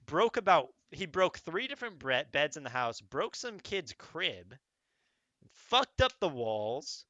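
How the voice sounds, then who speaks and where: A young man spins a rowdy, profanity-laced story with a lively, bouncing pitch and a bright, forceful edge to his voice. He talks in a rambling casual way, tossing in little asides to the listener. The sound is dry and a bit dull, like a close home mic. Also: measured pace, dry recording. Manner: animated, profane, rambling with frequent "okay?" asides. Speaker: streamer telling a story.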